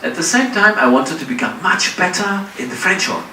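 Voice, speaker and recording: A man's voice: sits high, sing-song, a little fast, pushed and bright, a little hiss or hum. A man with a German accent, a native German speaker, giving a keynote speech in English. He tells his story with self-deprecating humor and acts out the dialogue he quotes. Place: large conference hall. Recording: echoey hall, distant mic.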